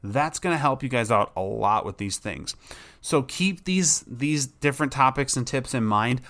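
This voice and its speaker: A man's voice: mid-range voice, lively intonation, moderate pace, a bit bright. A man hosting a dog training podcast, talking casually and enthusiastically, rambling with frequent restarts. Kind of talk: casual solo podcast talk.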